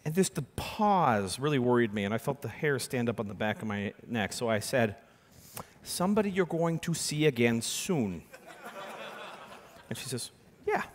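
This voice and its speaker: A young adult man giving a conference keynote, telling a story with sudden loud and soft turns on a stage microphone. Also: mid-range voice, sing-song, normal speed. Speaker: keynote speaker. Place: large conference hall. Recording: long hall reverb.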